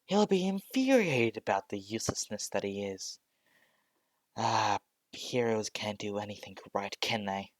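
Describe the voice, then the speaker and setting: A man's voice: lowish voice, expressive, measured pace, no echo. Sneering villain boss, mocking , a young man putting him on in an amateur story read. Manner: mocking, taunting. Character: sneering male villain leader.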